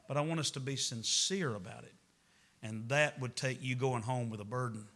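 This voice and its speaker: A man's voice: medium pitch, moderate pace, fairly bright tone. A middle-aged man, a pastor preaching a Wednesday night sermon in a church, folksy and conversational, rising to emphatic preaching. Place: church sanctuary.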